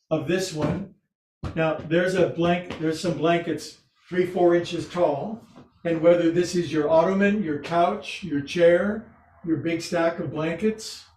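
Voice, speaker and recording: Slightly high and a little mellow, this male yoga instructor's voice carries through an echoey room at home, where a couch and recliner sit nearby. He runs a restorative class in a chatty, joking way, tossing in self-mocking asides.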